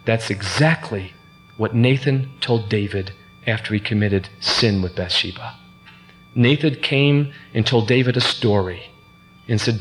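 A man's voice: lowish voice, measured pace. A man giving an earnest, sermon-style personal testimony, acting out the quoted voices as he tells the story. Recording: reverberant hall with faint hum.

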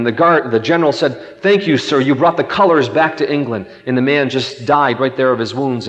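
A man's voice: medium pitch, long reverb tail, rough recording. A man preaching a sermon and telling a children's story, acting out its voices.

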